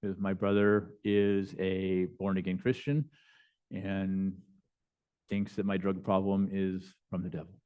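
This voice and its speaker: A man with a lowish voice tells stories from his chaplain work during a lecture. He speaks conversationally, with many fillers and false starts. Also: flat delivery, a little slow, clear, resonant tone, narrow, tinny audio. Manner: conversational, with frequent fillers and restarts. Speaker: bishop and chaplain. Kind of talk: lecture storytelling. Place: lecture hall.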